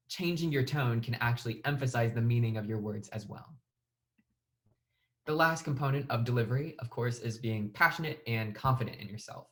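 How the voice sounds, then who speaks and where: A young man giving a plain, even lesson on speech delivery as a debate instructor. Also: medium pitch. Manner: plain, even delivery with occasional fillers and restarts. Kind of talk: explanatory lesson.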